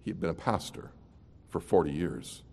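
Male pastor, evening sermon, lively rise and fall in pitch, loud emphatic peaks, quiet low asides, long reverb of a hall. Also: normal speed, creaky.

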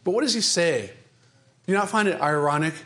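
A man's voice: on the high side, expressive, brisk. A man, a pastor, preaching a sermon with dramatic emphasis, repeating phrases and asking the congregation rhetorical questions. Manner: dramatic, emphatic delivery with repetition and sudden shifts in pace and loudness.

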